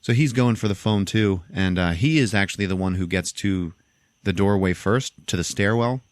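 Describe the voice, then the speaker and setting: A man's voice: on the low side, normal speed, dry recording, studio quality. A man hosting a podcast, casually retelling a film's plot and often laughing as he acts out lines. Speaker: podcast host. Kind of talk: casual film recap.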